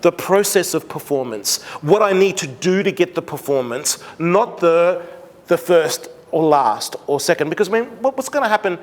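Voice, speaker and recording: A middle-aged Australian man giving an animated seminar talk to parents, acting out conversations with his daughter. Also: on the high side, normal speed. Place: large school hall. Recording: long hall reverb.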